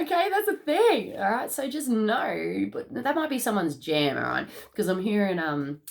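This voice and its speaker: A tarot reader gives viewers a casual spiritual card reading at a measured pace, with medium pitch and vocal fry. She's excitable, laughs often, and checks in with "okay?" after each point.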